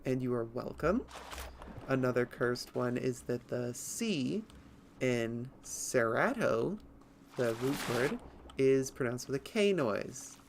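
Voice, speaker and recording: Slow, chatty streamer. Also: mid-range voice, expressive, a little hiss or hum. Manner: chatty, nerdy, rambling with giggles. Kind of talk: livestream gameplay commentary.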